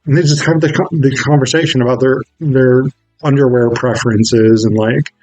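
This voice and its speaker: A man's voice: mid-range voice, steady tone, moderate pace, darkish tone, dry recording, faint music behind, poor audio. Casual swearing film reviewer man, dry sound. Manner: casual, swears freely, wry. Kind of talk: casual video essay commentary.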